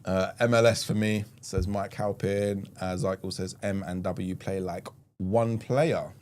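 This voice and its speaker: A man's voice: low-pitched, fairly even intonation, unhurried, a little mellow, slight background noise. A man hosting a casual football chat on a live stream, reading out chat comments and laughing often. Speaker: livestream host.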